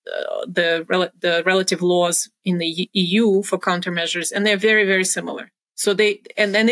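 A woman's voice: on the low side, a bit bright. Earnest middle-aged woman explaining methodically. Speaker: guest, former pharmaceutical research executive. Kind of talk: explanatory interview talk.

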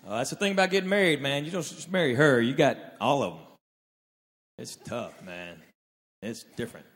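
A man's voice: medium pitch, moderate pace. A man performing a stand-up routine, telling stories and acting out his relatives' lines. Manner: animated storyteller, acts out relatives' lines. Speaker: stand-up comedian. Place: live stage in a large hall. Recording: reverberant live hall, faint room noise.

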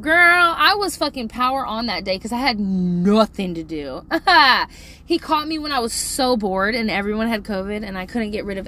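Profane, laughing, animated woman. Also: mid-range voice, slight background noise. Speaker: parent telling a story. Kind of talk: casual storytelling vlog.

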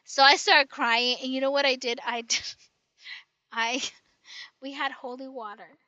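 A woman's voice: high-pitched, fairly even intonation, unhurried, pushed and bright, no room sound, highs cut off. A woman in casual chat, telling a long rambling story full of restarts and tag questions.

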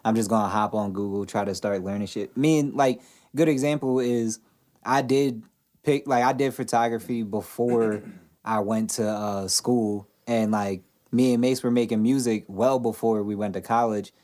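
A young man in his twenties on a podcast, talking loosely with his friends. His voice sits a little low, and he swears freely and breaks into joking asides. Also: moderate pace. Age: 20s. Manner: profane, jokey, animated bursts. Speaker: podcast co-host. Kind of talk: casual chat.

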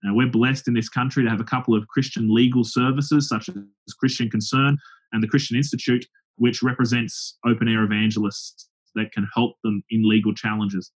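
A man's voice: medium pitch, brisk, husky. A man, a pastor and open-air preacher, telling stories in an interview, acting out the people he quotes. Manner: lively anecdotal storytelling with acted-out quotes. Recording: dull lo-fi sound.

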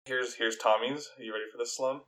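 A man's voice: medium pitch, fairly even intonation, fast, a bit bright. A man hosting a podcast in casual chat, setting up clips and explaining their meaning, laughing often. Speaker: podcast host presenting clips.

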